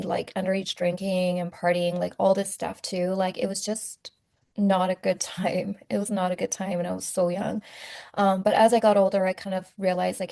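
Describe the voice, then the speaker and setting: A young woman talks straight to her viewers in a relaxed, candid way, loose and full of fillers. Her voice has a heavy gravelly fry, and her tone sits dark and mellow. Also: mid-range voice. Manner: candid, conversational, many fillers. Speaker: vlogger sharing her testimony. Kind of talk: casual personal testimony.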